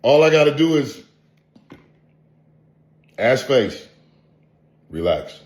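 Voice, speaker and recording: A man's voice: mid-range voice, sing-song, slow pace, a little mellow, a little hiss or hum. A man, an online content creator, delivering a profane, taunting vlog rant full of repeated insults. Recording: roomy echo.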